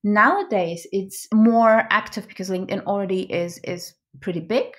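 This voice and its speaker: A woman's voice: mid-range voice, normal speed. A woman guest in an interview explaining her field, often tagging her points with "right?" and correcting herself as she goes. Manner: laughs easily. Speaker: podcast guest, product expert.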